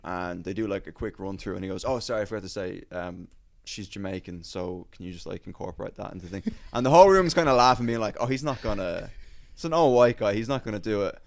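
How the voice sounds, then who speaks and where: Male podcast host, low voice, rambling casual storyteller. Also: animated, quick pace, vocal fry, hardly any pauses. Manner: rambling storyteller, swears freely, many "uh"s. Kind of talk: casual chat.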